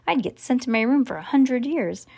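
A woman's voice: high voice, animated, normal speed, gravelly, a little mellow, husky, pitched above the performer's own voice, exaggerated voice. A woman voicing a young boy who sounds wide-eyed and astonished. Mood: amazed. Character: amazed young boy classmate.

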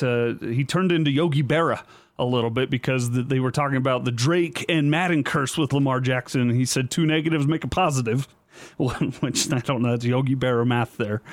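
Relaxed man hosting a sports podcast. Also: medium pitch, no echo. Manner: relaxed and chatty, chuckling. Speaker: podcast host. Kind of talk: casual sports talk.

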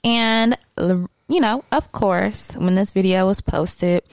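Smooth-voiced woman telling stories casually. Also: medium pitch, slow, no echo. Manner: animated storytelling, mock-sings and acts out quotes. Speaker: podcast co-host. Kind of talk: casual chat.

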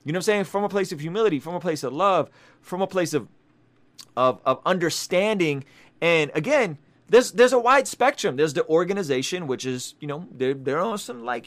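A man's voice: high-pitched, animated, fairly quick, fairly bright tone. Emphatic young man giving commentary. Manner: emphatic, repeats phrases, asks "right?". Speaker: Christian commentator. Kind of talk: casual video commentary.

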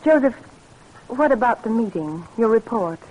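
An actress playing a loyal, devoted wife in a 1940s radio drama, speaking in a gentle, pleading way. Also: female voice, on the high side, lively intonation, moderate pace, muffled recording. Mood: worried, pleading.

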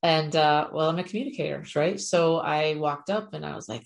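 A middle-aged woman with a notably low, deep voice talks straight to her viewers. She is chatty and frank, drops the odd swear word, and sounds like an animal communicator sharing spiritual advice. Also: brisk, creaky, few pauses. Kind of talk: casual spiritual talk to viewers.

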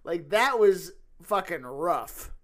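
A man's voice: sits high, animated, slow pace, crowd noise. A man co-hosting a casual podcast, swearing often and filling his talk with "like". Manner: swears a lot, fills with 'like'. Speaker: podcast co-host. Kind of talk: casual chat.

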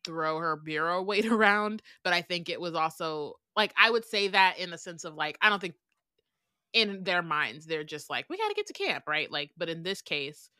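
A woman's voice: fairly low pitch, normal speed, bright, forceful tone, no room sound, clean studio sound. A woman co-hosting a book podcast, chatting casually with many fillers and reading passages aloud. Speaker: podcast co-host.

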